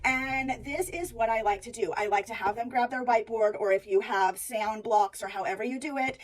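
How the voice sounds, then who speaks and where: A fairly high-voiced woman teacher walks other teachers through a spelling method in a clear instructional tone. She calls out and stretches words to show their sounds. She is heard from a little way back from the microphone. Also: moderate pace, distant mic, rough recording. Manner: demonstrates sounds by calling words out loud.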